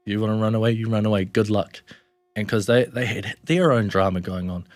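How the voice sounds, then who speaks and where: A man's voice: on the low side, brisk, dry recording. A man, a podcast guest telling his story in a blunt, slangy, sweary way. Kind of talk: casual storytelling.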